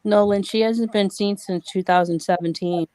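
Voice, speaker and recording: A woman's voice: medium pitch, steady tone, moderate pace, mellow, dry recording. A woman co-hosting a casual chat, emphatic and repeating words for effect. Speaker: co-host.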